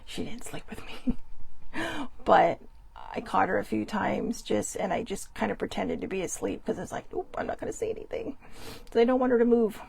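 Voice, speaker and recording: A young woman hosting a casual solo talk show from home, chatty and rambling, loud and theatrical. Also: medium pitch, normal speed, creaky, breathy edge. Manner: chatty, rambling and expressive, laughs often; calls herself loud and theatrical. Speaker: host. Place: at home in her bedroom.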